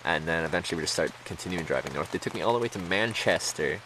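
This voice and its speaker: Deep-voiced man rambling with rain behind. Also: animated, fast talker, noisy background. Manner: rambling, laughs often, many fillers. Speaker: streamer. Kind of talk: casual storytelling to stream chat.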